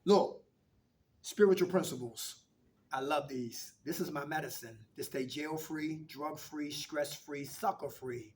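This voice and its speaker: A man's voice: on the high side, unhurried, far from the mic. A man leading a recovery meeting, coaching the group with call-and-response questions.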